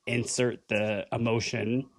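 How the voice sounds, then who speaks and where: A man talks through his thoughts on a podcast in a loose, animated way, dropping a casual swear here and there. His voice sits at an ordinary middle pitch. The recording is dry and close, with no room echo. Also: takes it slowly. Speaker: podcast co-host.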